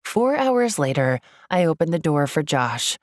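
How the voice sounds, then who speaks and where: A woman narrating a first-person audiobook in an expressive, upbeat way on a close studio mic. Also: sits low, a little slow, no echo.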